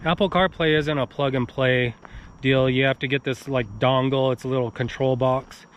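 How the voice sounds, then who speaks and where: Guy explaining a car stereo setup to his viewers, laid back, average pitch. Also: fairly even intonation, moderate pace, lo-fi sound, a little hiss or hum. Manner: informal, addresses viewers directly. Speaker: car stereo how-to vlogger. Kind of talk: casual how-to walkthrough. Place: outdoors near his car, then inside it.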